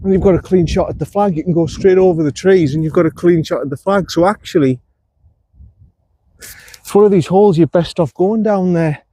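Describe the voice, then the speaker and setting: Male golf vlogger, high mellow voice, casual self-talk on the course. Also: a little fast, no echo. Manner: talks to himself and the viewer between shots, self-coaching.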